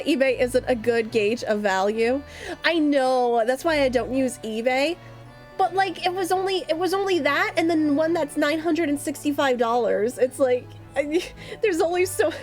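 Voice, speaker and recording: A woman streamer chatting casually with her viewers, rambling and laughing often. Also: high-pitched. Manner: chatty, giggly, rambling with fillers. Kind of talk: casual live-stream chat. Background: faint lofi music.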